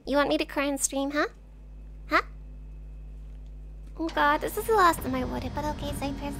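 A woman's voice: high voice, normal speed, gravelly, background noise. A woman streaming a game live, chatting casually with her viewers and swearing freely. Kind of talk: live gameplay commentary.

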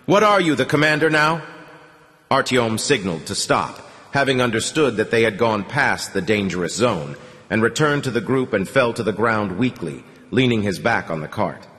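A man narrating a novel in a steady, measured audiobook reading. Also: medium pitch. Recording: long hall reverb.

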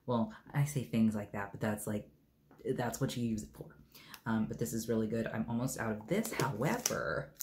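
A man's voice: lowish voice, a little mellow, slight background noise. A man casually reviewing his favorite bath products, rambling with many ums and uhs and tossing in joking asides. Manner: laid-back, joking asides.

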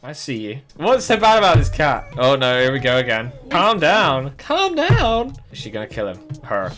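A young man, giving jokey, excitable commentary while reacting to funny animal videos for his channel. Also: medium pitch, a little fast, soft background music. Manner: excitable, jokey, talks to the viewer. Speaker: YouTuber reacting to animal clips.

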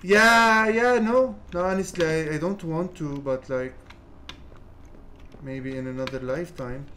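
A gaming channel host giving laid-back let's play commentary, mumbling and swearing, then yelling at the monsters. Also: mid-range voice, unhurried, slight background noise.

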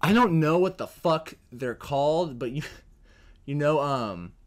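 A young man co-hosting a casual podcast, rambling and swearing freely as he pitches ideas. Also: a little slow. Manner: profane, rambling, animated. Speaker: co-host.

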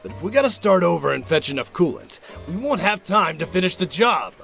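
An actor playing a blunt, gruff city engineer in a video game, with a gravelly voice and exclamatory delivery. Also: male voice, high-pitched, very animated, brisk, a bit bright, faint music behind, full character voice. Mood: brusque.

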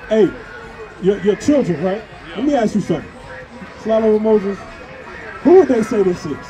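A man with a very high voice preaches on a crowded parade route, firing question after question at passers-by. Loud music and a chattering crowd fill the background of this outdoor recording. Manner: pressing, repeatedly asks questions, sometimes shouts. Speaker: street preacher. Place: outdoors at a busy street parade.

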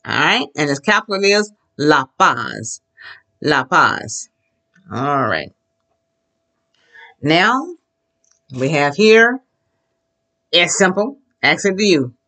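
A lively Spanish teacher leading a classroom lesson, pitch swinging up and down as the teacher drills the class. Each word is modeled slowly and clearly for the students to repeat, with cheerful encouragement throughout. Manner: slows down to model pronunciation.

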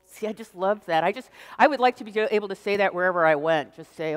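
A woman giving a public lecture on a stage, a lively, chatty storyteller who jokes with her audience. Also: lowish voice, normal speed, clear, resonant tone. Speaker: guest lecturer. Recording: long reverb of a large hall.

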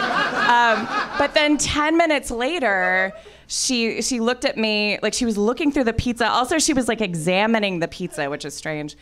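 A woman's voice: fairly high pitch, lively intonation, normal speed, background noise. A woman guest on a podcast, telling a story in chatty casual talk, still a little sick with something in her throat. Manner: chatty storyteller, laughs through lines.

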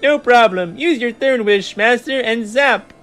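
Man doing a high, goading genie: eager, bouncy, cartoonish. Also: a little slow, soft background music. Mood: excited. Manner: excitable, goading. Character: eager wisecracking male genie.

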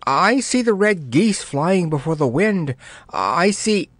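A man's voice: high voice, lively intonation, slow pace, fairly bright tone, no room sound, pitched above the performer's own voice, exaggerated voice. Man doing a breathless, fretful housewife queen. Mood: alarmed. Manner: breathless, moaning. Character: anxious middle-aged queen turned seamstress. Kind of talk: audiobook character voice.

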